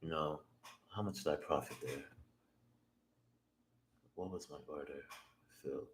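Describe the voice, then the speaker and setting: A man's voice: extremely low pitch, unhurried. A man streaming his day trading, talking to himself, swearing and second-guessing every move. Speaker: day trader streaming live. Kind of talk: live trading stream, thinking aloud. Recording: roomy echo, faint background noise.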